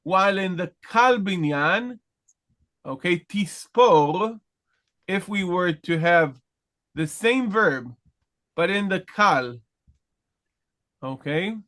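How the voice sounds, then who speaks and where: A man leads a grammar lesson at an unhurried, deliberate pace, stopping often to check that students follow. His voice sits on the higher side for a man, and he pauses and restarts as he searches for words. He speaks like a patient teacher guiding a class. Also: lively intonation, a bit bright. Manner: patient, frequent "okay?" check-ins, questions to students. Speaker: Hebrew teacher. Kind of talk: live online class, explaining grammar.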